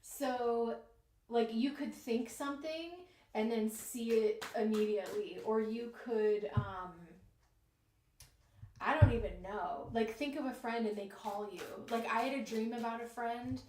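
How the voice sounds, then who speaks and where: A woman's voice: on the high side, unhurried, darkish tone. A woman giving tarot readings on a live stream, chatting with her viewers and reading their comments aloud. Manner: talks straight to her viewers as a group. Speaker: tarot reader. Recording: roomy, distant mic, faint noise.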